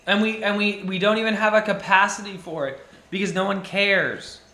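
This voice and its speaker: A man's voice: high voice, steady tone, normal speed, bright, forceful tone. Passionate young man ranting in an echoey room. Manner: passionate, ranting, repetitive restarts, emphatic repetition. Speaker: jeweller. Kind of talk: impassioned monologue to camera.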